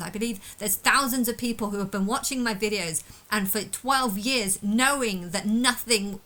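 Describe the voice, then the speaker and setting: A woman's voice: on the high side, bright, forceful tone, poor audio. A woman talking alone to camera in an unscripted monologue, angry and distressed, ranting bitterly and swearing often. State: emotionally distressed. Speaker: vlogger.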